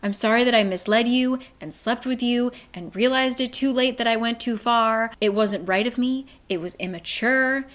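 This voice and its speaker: A woman's voice: on the high side, moderate pace, hardly any pauses, a bit bright, natural voice. A woman voicing an exasperated young merman who talks bluntly, swears and rambles apologetically. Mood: apologetic.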